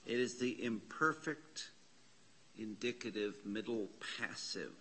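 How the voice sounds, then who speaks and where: A slow, deliberate man teaches Bible Greek in a church classroom, patiently parsing each word aloud. His voice is bright and a bit husky, and he sits somewhat low for a man. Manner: patient, spells out letters and parses words aloud. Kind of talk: classroom Bible-language lesson.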